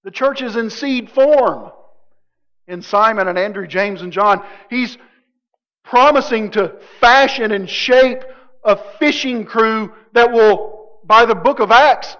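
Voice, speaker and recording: A high-voiced male pastor delivers a sermon in a loose, conversational way, joking and acting out little quotes. His voice rings with a long reverb through a church sanctuary. The recording sounds dull and muffled. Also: takes it slowly, a bit bright. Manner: conversational, jokey preaching with acted quotes.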